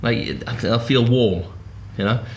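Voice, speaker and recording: A man's voice: medium pitch, a little slow, vocal fry, echoey room, a little hiss or hum. A man hosting a casual podcast in a pub, telling stories in British English, acting out voices and swearing freely. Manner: animated storyteller, swears freely, acts out voices. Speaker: podcast host.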